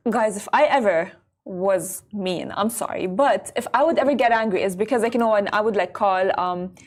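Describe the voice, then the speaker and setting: A woman co-hosting a talk show, chatting animatedly and halting with restarts as she gets heated. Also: medium pitch. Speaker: co-host. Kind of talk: casual talk show chat.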